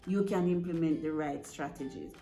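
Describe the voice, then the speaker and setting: A woman's voice: low-pitched, normal speed, mellow. A woman giving earnest, direct advice to parents, often checking in with "right?". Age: adult parent. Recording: echoey room with faint music.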